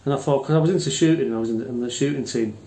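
A man's voice: medium pitch, racing, warm tone. An older Englishman telling rambling, blunt, swear-filled army anecdotes in casual chat. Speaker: airgun channel host. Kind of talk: casual storytelling. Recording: roomy echo.

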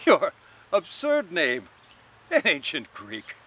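A theatrical young man full of mockery, booming like a preacher at a mass he does not believe in. His voice jumps high and loud as he teases, voiced by a man reading a novel aloud. There is a faint hiss of outdoor noise behind him. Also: huge pitch swings, takes it slowly, heavily acted. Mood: mocking. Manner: booming mock-preacher intoning.

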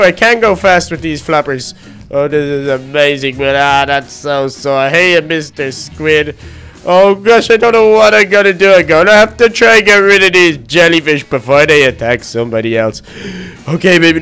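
A childlike, easily flustered baby duck, voiced by a man talks himself through a Minecraft role-play, full of "oh, gosh" exclamations. The voice sits a touch high, bright and very clean. Faint music plays underneath. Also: smooth. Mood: self-encouraging. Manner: rambling self-talk full of "oh, gosh" exclamations. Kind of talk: game role-play narration.

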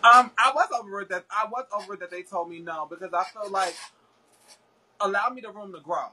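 A woman's voice: mid-range voice, brisk, bright, forceful tone, slight background noise, poor audio. A young woman guest talking about her experiences in casual, slangy, profane chat, full of fillers.

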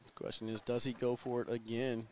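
A man's voice: mid-range voice, a little fast, a little hiss or hum. Easygoing male color commentator, faint ambience. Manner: relaxed, teasing, laughs easily. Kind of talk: casual sports commentary.

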